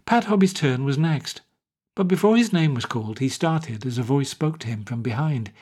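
A man's voice: mid-range voice, expressive, moderate pace, a little mellow, slightly rough. Man narrating a wry short story. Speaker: audiobook narrator. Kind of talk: scripted narration.

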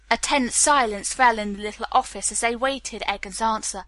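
A woman narrating a novel with a steady storytelling delivery. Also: fairly high pitch, moderate pace, dry recording. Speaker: audiobook narrator. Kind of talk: scripted narration.

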